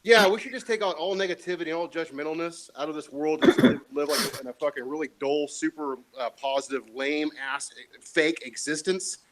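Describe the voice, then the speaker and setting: A man's voice: a little high, a little fast, few pauses, a bit bright, slight background noise, poor audio. A man in casual chat, rambling and opinionated, with lots of fillers and swearing.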